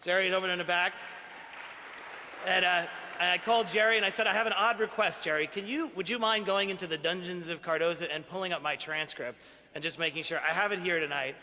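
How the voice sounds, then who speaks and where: A man from Queens, New York, gives a gala acceptance speech with a slightly high, bright and forceful voice. He tells his story earnestly and pokes fun at himself along the way. His words ring out with a long reverb through a large banquet hall. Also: brisk, slight background noise. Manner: earnest, self-deprecating storytelling. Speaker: award honoree giving a speech.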